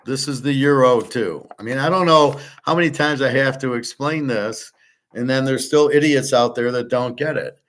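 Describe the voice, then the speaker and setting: A man's voice: mid-range voice, normal speed, fairly bright tone. Blunt, profane man ranting. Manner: blunt, profane and exasperated, repeats himself. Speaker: host. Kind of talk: ranting monologue.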